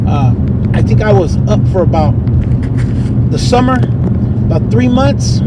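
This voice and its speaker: A man from California telling his own story in an unscripted, casual way, using slang, swearing and many fillers. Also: a little high. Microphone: tablet camera mic. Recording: noisy street and traffic sound.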